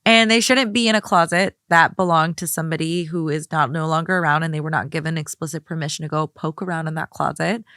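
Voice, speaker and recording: A woman's voice: low-pitched, steady tone, fast talker, few pauses, fairly bright tone, dry recording, studio quality. A woman co-hosting a podcast, blunt and sarcastic, swearing freely. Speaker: guest co-host. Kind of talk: casual podcast chat.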